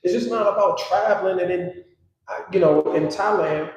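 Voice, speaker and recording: A man's voice: high-pitched, normal speed. Rambling man in a very echoey room. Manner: rambling, many fillers and "you know"s. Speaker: guest on a live talk stream. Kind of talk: casual chat.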